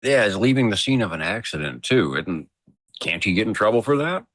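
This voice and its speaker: Husky low-voiced man, puzzled deadpan chat. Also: fairly quick, no room sound. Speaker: co-host. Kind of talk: casual chat.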